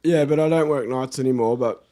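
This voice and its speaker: A man's voice: medium pitch, fairly quick, dark tone. A middle-aged Australian man chatting casually as a podcast guest, laid-back and swearing freely. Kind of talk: casual chat.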